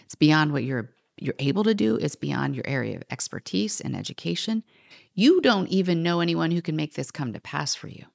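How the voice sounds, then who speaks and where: A middle-aged woman telling a personal story as a podcast guest, animated, quoting others and sometimes dropping to a whisper. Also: low-pitched, brisk, creaky. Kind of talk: storytelling in conversation.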